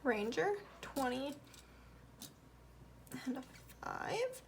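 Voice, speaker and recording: A woman's voice: sits high, big pitch swings, drawn-out words, gravelly, slight background noise. A woman with a Southern US accent talking through her budget in a casual vlog, counting bills aloud and sometimes murmuring the tallies under her breath. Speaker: budgeting vlogger.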